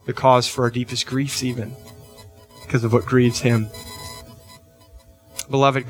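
A middle-aged man preaching a sermon as pastor, earnest, often checking in with "right?" and lifting his voice on key questions. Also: mid-range voice.

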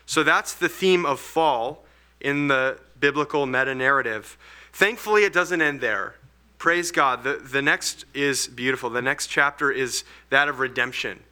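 Bright-voiced man leading Bible study. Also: mid-range voice, a little slow, clear, resonant tone. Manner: earnest and explanatory, thinks aloud with restarts. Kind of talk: teaching a group Bible study.

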